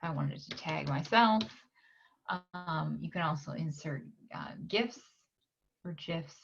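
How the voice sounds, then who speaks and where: A woman from a library talking through a software tutorial on her screen, unhurried and pausing with "um" as she clicks along. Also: sits low, gravelly, dull audio, slight background noise. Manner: unhurried, frequent "um" pauses while clicking.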